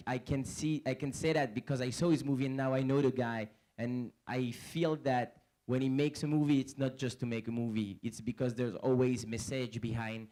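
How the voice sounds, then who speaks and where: In a low-quality recording, a young actor-comedian with a French accent jokes his way through a stage speech. He laughs, plays around, and tends to repeat words when starting, his mid-range voice warm in tone.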